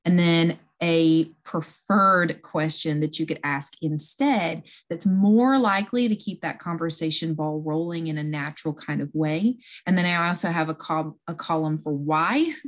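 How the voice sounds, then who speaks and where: A woman's voice: low-pitched, measured pace, few pauses. A woman talking casually and earnestly, explaining things step by step with a self-aware touch.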